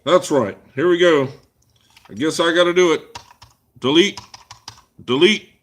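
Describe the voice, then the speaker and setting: This livestream host has a slightly high voice at a normal speed. He runs a casual live Q&A, wandering off on tangents and cracking crude jokes while answering what viewers type in chat.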